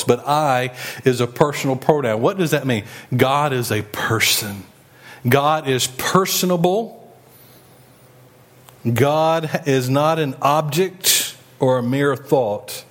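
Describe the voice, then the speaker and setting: A man preaching a sermon in a folksy, emphatic way. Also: mid-range voice. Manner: folksy, emphatic preaching with rising and falling delivery. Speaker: pastor.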